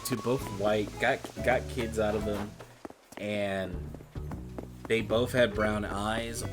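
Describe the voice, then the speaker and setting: A man's voice: on the low side, fairly even intonation, slow pace, over music. A man streaming and chatting casually, rambling and cursing and calling the listener brother.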